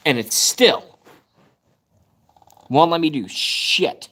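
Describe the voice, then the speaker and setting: A man's voice: a little high, lively intonation, extremely slow, long pauses, sharp tone. A man hosting a casual live stream from his phone, ranting in frustration and swearing about his device. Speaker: livestream host. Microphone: phone camera at arm's length.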